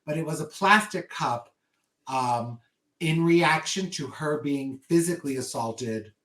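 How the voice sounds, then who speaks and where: A man's voice: fairly high pitch, fairly bright tone. A man talking as a podcast guest in casual chat, jumping in with emphatic points. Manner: emphatic, quick to interject.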